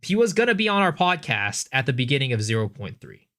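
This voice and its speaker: A man's voice: mid-range voice, sing-song, fast, fairly bright tone. A man streaming live, chatting casually and thinking aloud as he answers viewer questions, with frequent restarts.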